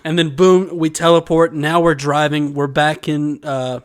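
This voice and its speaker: A man's voice: fairly high pitch, little pitch movement, a little slow, clear, resonant tone. A man co-hosting a casual podcast, telling long rambling stories and laughing often. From Georgia, USA. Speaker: podcast co-host. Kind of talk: casual chat.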